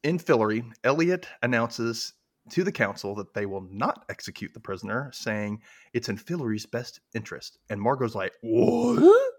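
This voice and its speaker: A man's voice: fairly low pitch, animated, moderate pace, a bit bright. A man hosting a podcast, casually retelling a TV episode in a chatty way. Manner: chatty retelling, full of "like" and "you know". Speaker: podcast host recapping a TV episode. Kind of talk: casual chat.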